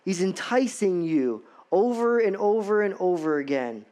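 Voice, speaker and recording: Pastor, male, high-pitched, casual and repetitive sermon delivery. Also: lively intonation, normal speed, darkish tone. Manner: conversational, repetitive, rhetorical questions.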